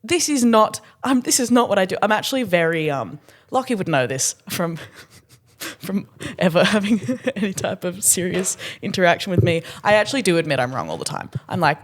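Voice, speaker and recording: A woman's voice: fairly low pitch, sing-song, brisk. A young woman co-hosting a casual podcast, giggling and acting out quoted lines in a self-mocking way. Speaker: podcast co-host. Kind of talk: casual chat.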